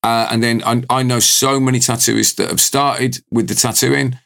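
British male co-host, mid-pitched, relaxed explainer with frequent laughs. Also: moderate pace, vocal fry. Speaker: podcast co-host, tattoo artist. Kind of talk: casual chat.

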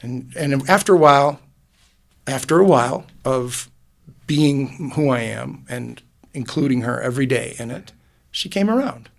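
A man's voice: mid-range voice, expressive, measured pace, vocal fry. A middle-aged man, a musician, talking in a rambling, heartfelt way in a casual interview. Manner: rambling and heartfelt, many restarts. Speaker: musician guest. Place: podcast booth.

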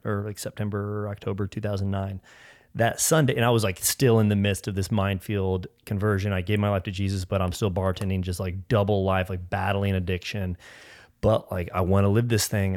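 A man's voice: fairly low pitch, a little mellow, no room sound, studio quality. A man sharing a personal faith testimony as a podcast guest, rambling, with frequent restarts and filler words.

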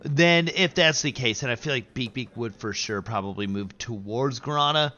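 A man talks in a bright, tense voice, rambling and laughing at himself as he plans his turn in a tabletop game. His mic sounds dull and lo-fi. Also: mid-range voice, moderate pace. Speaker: player. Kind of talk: casual tabletop play.

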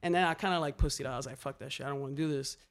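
A young man telling graffiti stories in casual chat, animated and slangy, swearing freely. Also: mid-range voice, very fast. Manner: animated, slangy, swears a lot, repeats "a hundred percent".

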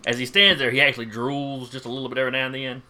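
A man's voice: mid-range voice, little pitch movement, rapid-fire, pushed and bright. A man running a tabletop game as game master, describing the scene in a casual, folksy way.

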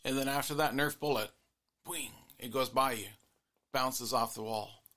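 A man's voice: mid-range voice, moderate pace, sharp tone. A man, a couples therapist hosting his own show, musing earnestly in a reflective solo monologue that circles back on its points. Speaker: couples therapist and podcast host.

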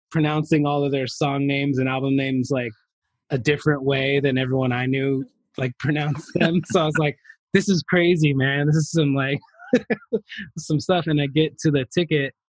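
A man's voice: mid-range voice, no echo. A man telling a rambling story to a podcast host, laughing often and leaning on fillers. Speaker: podcast guest. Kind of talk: casual anecdote telling.

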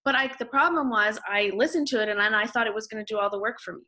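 Woman guest, Canadian-born, bright, forceful tone, animated storyteller who restarts sentences. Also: fairly high pitch, fast. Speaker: podcast guest, author. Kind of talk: casual interview talk.

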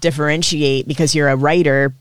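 A man's voice: a little high, fairly even intonation, a little fast, clear, resonant tone, no echo, studio quality. A man co-hosting a podcast, chatting casually and searching for words. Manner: hesitant, with fillers and restarts. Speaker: podcast co-host.

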